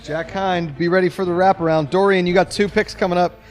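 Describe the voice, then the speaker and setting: A man's voice: high-pitched, steady tone, a little fast, soft background music. Upbeat man emceeing a draft. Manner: joking, announcing picks with hype. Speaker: draft host.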